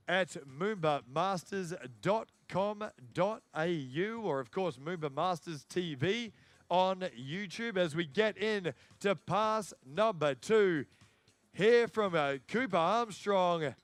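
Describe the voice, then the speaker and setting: A man giving excitable live sports commentary and hyping up the crowd. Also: sits high, no room sound. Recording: faint music in the background.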